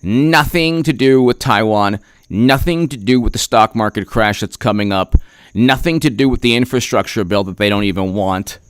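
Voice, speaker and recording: A man giving a heated, sarcastic political commentary rant, repeating himself and clearing his throat often. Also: on the low side, moderate pace, no room sound, studio quality. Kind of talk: opinion rant vlog.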